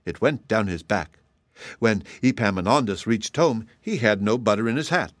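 A man reading a children's folktale aloud in a measured, expressive storytelling voice. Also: fairly low pitch, no room sound, studio quality. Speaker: storybook reader. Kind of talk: scripted storybook narration.

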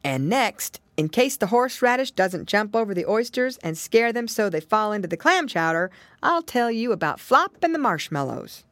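A woman narrating a children's storybook as an audiobook, expressive and animated. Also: mid-range voice, moderate pace, hardly any pauses, dry recording.

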